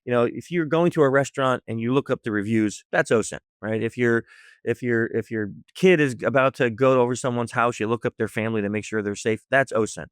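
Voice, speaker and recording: A man from the United States, a podcast guest, telling a story with lively energy and acting out each character's lines. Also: mid-range voice, a little fast, smooth, no echo, clean studio sound. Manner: lively storyteller acting out dialogue, laughs often. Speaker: guest, social engineer. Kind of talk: animated storytelling in a podcast interview.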